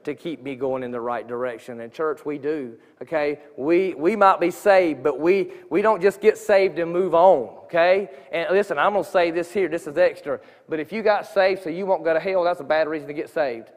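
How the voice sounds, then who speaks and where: A man's voice: fairly high pitch, normal speed, few pauses. A man giving an earnest, conversational testimony in a church sanctuary, often restarting his sentences. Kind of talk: informal sermon testimony. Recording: long reverb of a church hall.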